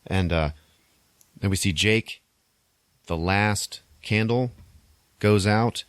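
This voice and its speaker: Man, low voice, dry close sound, casual swearing movie recap. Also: slow, clear, resonant tone, no echo. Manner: animated retelling with crude swearing. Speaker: podcast co-host.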